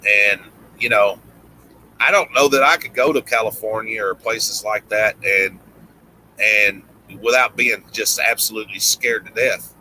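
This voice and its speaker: Chatty Tennessee man, very bright voice. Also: on the low side, a little slow, a little hiss or hum, poor audio. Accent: Southern US, Tennessee. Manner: rambling, frequent "you know" fillers and restarts. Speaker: livestream host. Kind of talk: casual live-stream chat.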